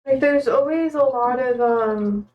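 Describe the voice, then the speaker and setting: A woman's voice: sits high, unhurried, far from the mic, muffled recording. A young woman streamer chatting casually in a rambling way with many fillers. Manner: rambling, many fillers, talking to her cats. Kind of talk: casual chat.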